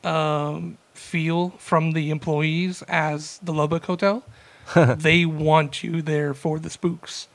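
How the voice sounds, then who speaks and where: A man's voice: fairly high pitch, little pitch movement, takes it slowly, vocal fry. A young man co-hosting a podcast, telling a rambling, laid-back story full of fillers. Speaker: podcast co-host. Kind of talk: casual storytelling chat.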